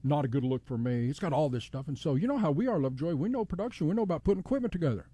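Texan radio host in his sixties: fast, rambling, husky and darkish. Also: fairly high pitch, lively intonation, mellow, dry recording. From Texas. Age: 60s. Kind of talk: casual radio chat.

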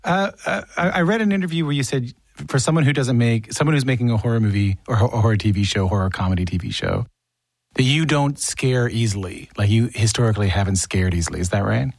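A man interviewing a TV writer, asking questions quickly with many stumbling restarts. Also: medium pitch, a little mellow, no room sound.

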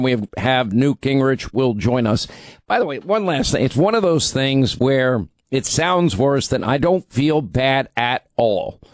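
A man hosting a radio talk show, hoarse from talking too much, rambling and restarting his sentences. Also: medium pitch, dry recording. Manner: rambling, self-interrupting, stammers on restarts. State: hoarse, strained voice from overuse. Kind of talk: casual talk radio monologue.

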